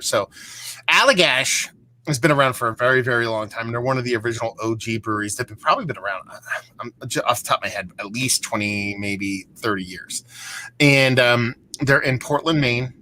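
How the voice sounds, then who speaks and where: A chatty man from Pennsylvania hosts a live beer hangout and rambles through a long story, restarting sentences and swearing freely. His voice is bright and forceful. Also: mid-range voice, a little fast. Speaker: beer show host. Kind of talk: casual live-stream chat.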